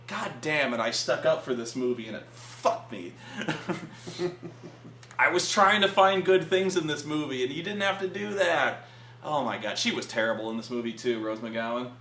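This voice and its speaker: A man reviewing a film in casual chat at a friend's house, animated and profane, stammering through restarts. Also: fairly high pitch, normal speed. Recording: echoey room with faint hum.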